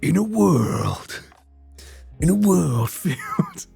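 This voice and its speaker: A man putting on a male movie trailer announcer voice, slow and dramatic. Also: fairly high pitch, very animated, vocal fry, a little mellow, slightly rough, faint music behind, exaggerated voice.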